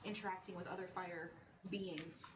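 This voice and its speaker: A woman's voice: on the low side, steady tone, normal speed. A woman playing a tabletop game, bubbly and playful, laughing often. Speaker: player. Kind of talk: casual tabletop play. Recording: distant mic with clear noise.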